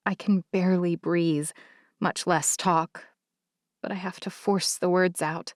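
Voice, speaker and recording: A woman's voice: fairly low pitch, measured pace, no room sound, studio quality. Woman narrating a romance audiobook. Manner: intimate, emotional first-person storytelling. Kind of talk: first-person audiobook narration.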